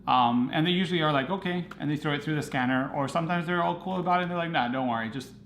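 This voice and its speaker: A man's voice: fairly high pitch, rapid-fire, a bit bright, reverberant, a little hiss or hum. A man hosting a photography livestream, rambling casually as he answers viewer comments.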